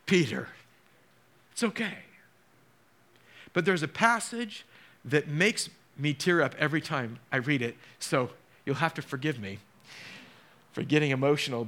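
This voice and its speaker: A man preaching a sermon as a pastor, emotional and dramatic, dropping to hushed tones and rising again. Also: fairly high pitch.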